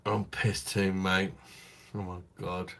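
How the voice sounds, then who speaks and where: A man's voice: low-pitched, flat delivery, takes it slowly, a bit bright. A tipsy man hosting a late-night live stream, talking in crude, rambling, affectionate chat to his viewers.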